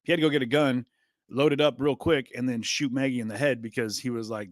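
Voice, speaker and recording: A man's voice: medium pitch, fairly even intonation, fast, no room sound. Male livestream host, casual rambling commentary, lots of fillers, dry close sound. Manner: rambling, filler-heavy, reads chat aloud.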